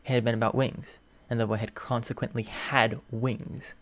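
Brief: a male narrator of middle pitch reading fan fiction aloud, steady and even. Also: normal speed, hardly any pauses, no echo.

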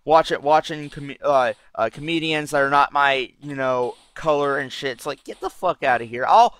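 A man's voice: fairly high pitch, a bit bright, no echo. A man giving casual gameplay commentary as a channel host, brash and profane, rambling as he plays.

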